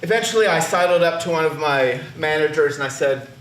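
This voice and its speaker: A man's voice: on the high side, expressive, brisk, hardly any pauses, fairly bright tone, slight background noise. A man telling a personal story on stage, with wry, self-mocking humor. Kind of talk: live personal storytelling performance. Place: theater stage. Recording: roomy, distant stage recording.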